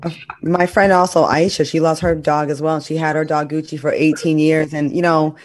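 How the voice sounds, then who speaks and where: A lively talk show host chatting and teasing the co-hosts in loose, casual talk. The voice sits at a middle pitch. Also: moderate pace. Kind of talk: casual chat.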